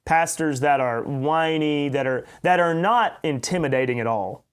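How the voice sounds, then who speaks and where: A man's voice: fairly high pitch, moderate pace, clean tone. A man with a light Oklahoma accent hosting a podcast, giving blunt, opinionated commentary and enunciating carefully. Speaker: podcast host. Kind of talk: commentary monologue.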